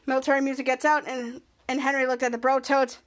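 A woman's voice: sits high, flat delivery, quick pace. A woman hosting a podcast, casually recapping a TV episode scene by scene, rambling with frequent restarts. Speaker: podcast host.

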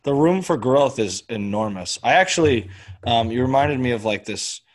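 A man in casual conversation, earnestly explaining his point through a long analogy and often clearing his throat. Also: mid-range voice, expressive, moderate pace.

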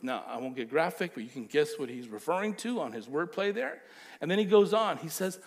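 A man preaching a sermon as pastor, animated and emphatic. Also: on the high side, fairly quick.

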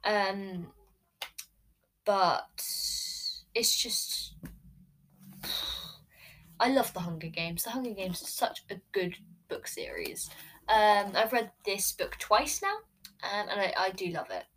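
This woman, a book vlogger, gushes and rambles with many fillers while ranking books from her bed, filmed by a camera in her bedroom for a casual vlog. She speaks slowly in a mid-range, animated, somewhat bright voice, pausing often, and the recording is low quality.

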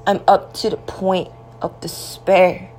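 A woman speaking slowly in an emotional personal monologue, grieving and tearful, often dropping to a near whisper. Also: lowish voice, flat delivery, noisy background. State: tearful, in grief.

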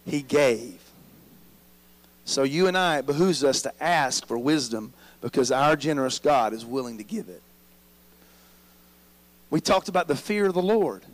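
A man's voice: medium pitch, animated, a little slow, pauses often, rough recording. A man preaching a sermon as pastor, drawing the congregation in with frequent "amen?" prompts.

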